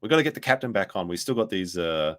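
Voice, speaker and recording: A man's voice: sits low, lively intonation, quick pace, a bit bright. A man giving sarcastic, rambling commentary on clips as a streamer. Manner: sarcastic, rambling, mimics others in quotes.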